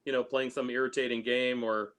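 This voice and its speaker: Male host, mid voice, halting casual talker on a video call. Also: mid-range voice, level tone, a bit bright. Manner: halting, repeats words.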